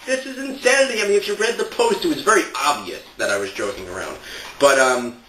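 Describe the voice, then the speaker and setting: Sarcastic guy venting at the camera, bright edgy voice, kinda far off the mic. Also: fairly high pitch, fast, roomy sound, slight background noise. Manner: exasperated, sarcastic, laughing at his own points. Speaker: satire blogger. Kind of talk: ranting monologue to camera.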